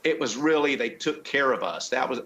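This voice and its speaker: A man's voice: medium pitch, expressive, a bit bright, muffled recording. A middle-aged man from the southern United States, a car club member chatting casually in an interview, often stopping and restarting his sentences. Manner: halting, many restarts and fillers.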